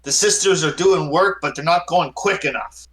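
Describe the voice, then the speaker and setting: A man voicing a huge, irritable, foul-mouthed male baron with a large booming voice. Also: normal speed, fairly bright tone, lightly acted. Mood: gruff. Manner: curses angrily.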